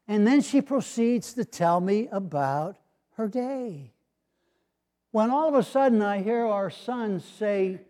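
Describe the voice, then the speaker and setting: A retired older pastor delivers his sermon in a high, mellow voice. He tells stories with gentle humor and puts on voices for the people he quotes. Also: unhurried.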